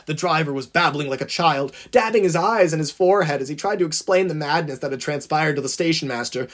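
A man's voice: a little high, a little fast, hardly any pauses, a bit bright. A man reading his own fan-fiction story aloud, narrating dramatically with swooping emphasis.

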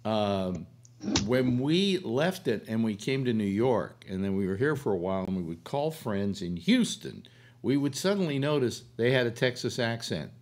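A man's voice: mid-range voice, very animated, normal speed, a little hiss or hum. An older man from California hosting a casual on-air conversation, rambling with many fillers like "uh" and "you know.". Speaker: radio show host.

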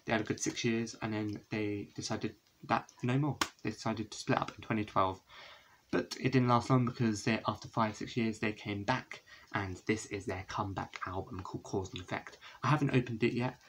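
Young man, lowish voice, casual home vlog, rambling, many fillers, faint noise behind. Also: steady tone, moderate pace. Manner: rambling, chatty, many fillers and self-corrections. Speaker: vlogger. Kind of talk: casual video showing his CD collection. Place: indoors, a room at home with a window.

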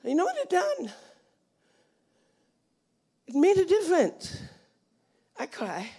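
A woman preacher delivering a sermon, emphatic and often breaking into shouts. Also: very high-pitched.

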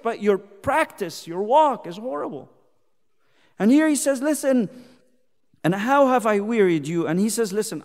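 A man teaching a youth Bible study as a sermon, impassioned, firing rhetorical questions and speaking God's pleas in first person. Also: sits high. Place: church hall. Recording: long hall reverb.

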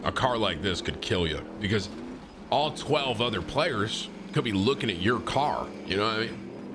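A young man streaming, chatting casually and excitably over gameplay while eating. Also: on the low side, moderate pace, over music.

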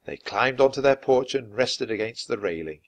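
A man reading a children's chapter book aloud, narrating clearly and expressively. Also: mid-range voice, animated, moderate pace. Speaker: storybook reader.

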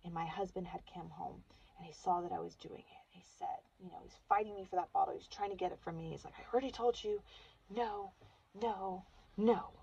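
A woman's voice: lowish voice, fairly even intonation, quick pace, gravelly, darkish tone, breathy edge, lo-fi sound. A woman vlogger casually telling a personal story, earnest and chatty, saying "like" constantly.

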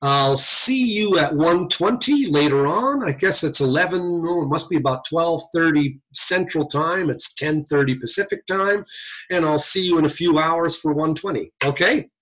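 A man teaching an audiology class in a recorded online lecture, lively and folksy, with casual slang. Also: on the high side, normal speed, lo-fi sound. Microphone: computer mic on a video call.

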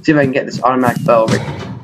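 A young man giving live commentary over his own gameplay, excitable and self-mocking, often crying out in disbelief. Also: medium pitch, very fast, music in the background. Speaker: gaming YouTuber. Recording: noisy home recording with mouse clicks.

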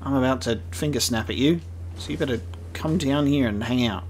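A gaming streamer with a medium-pitched, darkish voice commentates briskly on a video game he's playing for the first time. His let's-play chatter is playful, with laughing asides.

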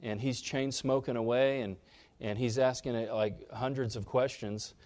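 Male pastor, mid-range voice, sermon delivery with strong emphatic rises and quiet drops. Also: steady tone, moderate pace. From Kansas. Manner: preaching with big swings in pitch and loudness, rising sharply on key points.

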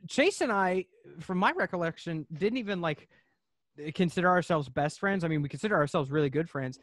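A man with a fairly high voice rambles through a story as a podcast guest, leaning on lots of filler words as he goes. He sounds laid-back and unhurried. The sound is dry, with no room around it. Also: expressive, a bit bright, no room sound. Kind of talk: casual chat.

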